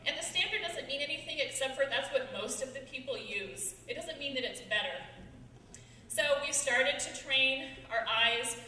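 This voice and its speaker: A young woman in her twenties, a student giving an earnest, quick persuasive talk on stage. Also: high voice, expressive, bright, forceful tone, a little hiss or hum. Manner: earnest, quick, laughing now and then. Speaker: student speaker. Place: large hall with audience. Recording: echoey hall from far off.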